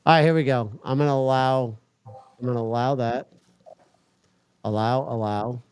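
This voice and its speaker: A man's voice: medium pitch, moderate pace, a little mellow, smooth, dry recording. Man muttering through tech trouble on stream. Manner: muttering while troubleshooting, swears in frustration. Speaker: livestream host. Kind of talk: casual livestream chat.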